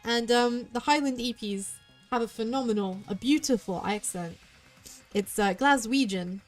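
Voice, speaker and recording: West Country woman, VTuber game streamer, slightly high voice, rambly chat over faint game music. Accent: West Country English. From southwest England. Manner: rambling, chatty, quick tangents. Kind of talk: let's play commentary.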